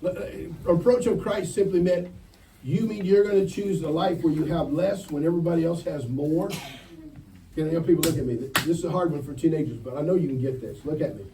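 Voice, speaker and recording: A man's voice: a little high, a little fast. A man preaching a sermon to teenagers at a youth camp, direct and joking, firing questions at the crowd. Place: church camp meeting. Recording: distant mic with faint ambient noise.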